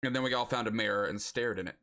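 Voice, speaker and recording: A man's voice: on the low side, racing, bright, forceful tone. A young man streaming a geography guessing game, chatting casually and musing aloud as he guesses locations.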